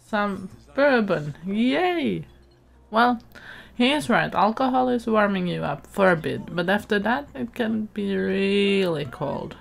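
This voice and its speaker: A woman's voice: mid-range voice, animated, slow, vocal fry. A woman casually commenting on her own gameplay, chatting and giggling to herself. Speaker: let's play gamer.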